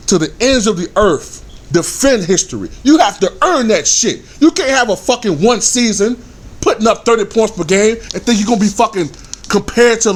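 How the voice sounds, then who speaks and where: Heated, high-voiced man ranting in his thirties. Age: 30s. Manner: angry, swearing, shouting bursts. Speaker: sports vlogger. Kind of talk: heated profane rant.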